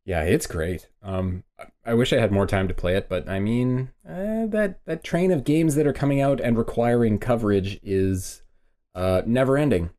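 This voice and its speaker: A man's voice: mid-range voice, dark tone. A man co-hosting a gaming podcast, chatting casually with a wry, joking manner. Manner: wry, joking, drawn-out metaphors. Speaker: podcast co-host.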